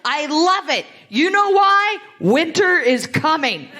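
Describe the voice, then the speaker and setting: A woman in her late thirties from Ohio, performing a live stand-up set on a theatre stage with animated, exaggerated delivery. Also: high-pitched, takes it slowly, heavy background noise. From Greenville, Ohio, USA. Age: 30s. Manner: animated, exaggerated whiny impressions of friends. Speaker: stand-up comedian.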